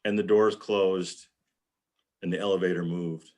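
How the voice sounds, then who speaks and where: A man's voice: low voice, fairly even intonation, unhurried, a little mellow. A man on a live video panel telling a rambling, casual anecdote and acting out what people said. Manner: rambling storyteller, acts out quotes. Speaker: panel guest. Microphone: video call.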